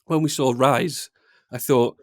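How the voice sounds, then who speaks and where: A man's voice: medium pitch, steady tone, unhurried, dry recording. A man co-hosting a casual podcast chat, making dry, wry asides. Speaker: podcast co-host.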